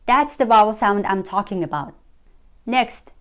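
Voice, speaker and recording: A woman's voice: on the high side, muffled recording. Woman teaching. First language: Mongolian. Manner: slow, careful, repeats example phrases. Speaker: language teacher. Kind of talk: pronunciation lesson.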